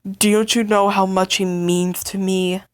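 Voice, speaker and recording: A woman voicing an upset young partner in a fight with the listener, stammering and halting in emotional outbursts. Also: mid-range voice, flat delivery, smooth, no echo, close to an everyday voice. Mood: bitter, angry. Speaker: voice actor in a listener role-play. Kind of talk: listener role-play audio drama.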